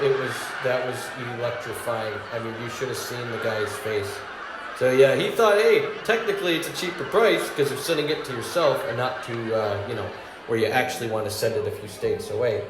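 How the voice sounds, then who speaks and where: A man's voice: medium pitch, moderate pace, roomy sound, slight background noise. A man doing stand-up, telling work stories, laughing at his own jokes and acting out other people's lines in raised voices. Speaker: stand-up comedian. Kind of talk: stand-up storytelling.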